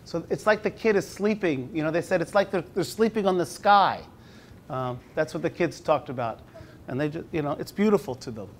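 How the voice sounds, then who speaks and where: Casting: man, high pitch, relaxed presenter with restarts, slows for read-alouds. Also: slight background noise. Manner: conversational, with restarts; slows down when reading aloud. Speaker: teacher presenting at a university talk. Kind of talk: conference presentation.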